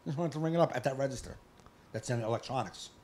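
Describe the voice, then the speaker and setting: A man co-hosting a live podcast, ranting in casual chat, profane and fired up, with bursts of yelling. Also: mid-range voice, racing, a little hiss or hum. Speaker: podcast co-host.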